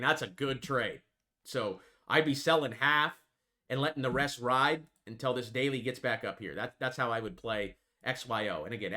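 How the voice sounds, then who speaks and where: A man with a mid-range voice and sharp tone hosts a trading channel, delivering emphatic, repetitive market commentary over charts. He keeps tagging his lines with "okay" and "folks."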